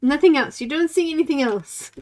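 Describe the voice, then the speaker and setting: A woman's voice: high-pitched, normal speed, darkish tone. A woman in her forties hosting a live coloring stream, chatting casually, talking to herself and greeting viewers by name. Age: 40s. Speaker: livestream host. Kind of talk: casual chat while coloring.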